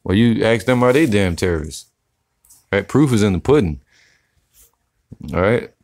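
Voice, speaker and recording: A man giving casual, slangy religious commentary, reading scripture slowly and tagging his sentences with "man". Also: on the low side, expressive, darkish tone, no echo, clean studio sound. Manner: slangy, profane, preachy, says "man" often; slow deliberate scripture reading.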